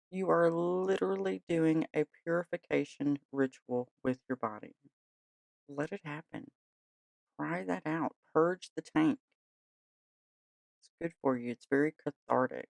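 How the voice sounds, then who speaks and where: Tired, gravelly-voiced podcast host talking gently. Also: medium pitch, no room sound. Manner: gentle, chatty, reassuring. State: tired, yawning late at night. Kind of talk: casual podcast talk.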